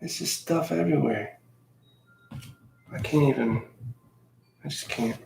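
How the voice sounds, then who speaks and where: A gravelly-voiced man talks casually while painting miniatures, grumbling about his work with self-mocking humor. His voice sounds roomy, with faint background noise. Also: a little high, a little slow, darkish tone. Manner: talks in a coaxing sing-song to his cat.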